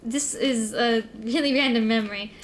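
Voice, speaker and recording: A woman's voice: fairly high pitch, normal speed, slight background noise. A young adult woman streamer telling a long rambling story in casual chat, full of "like" and "um". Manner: rambling, filler-heavy storytelling.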